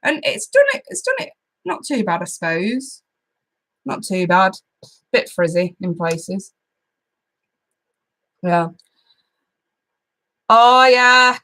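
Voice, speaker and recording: A woman's voice: lowish voice, sing-song, slow, pauses often. A woman hosting a live tarot stream, chatting casually and giggling as she greets viewers by name.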